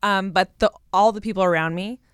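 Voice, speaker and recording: A woman in a casual podcast chat, talking at a medium pitch with a playful, teasing manner. She chats freely and jokes along with her co-host. The sound is dry and close, with no room around it. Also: steady tone, fairly quick, clean tone, no echo.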